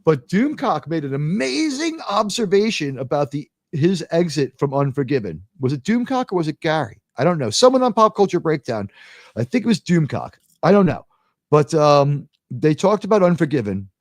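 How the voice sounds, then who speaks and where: High-voiced rambling American man. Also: moderate pace, no room sound, clean studio sound. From United States. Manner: rambling, animated storytelling with frequent fillers. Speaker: host. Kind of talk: casual live talk show chat.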